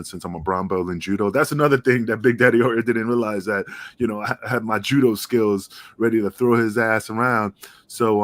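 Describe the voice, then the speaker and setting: A man with a fairly low voice chats loosely on a wrestling podcast, rambling and dropping casual swears. He is from the United States and talks easygoing and unscripted. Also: fairly bright tone, no echo. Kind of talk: casual chat.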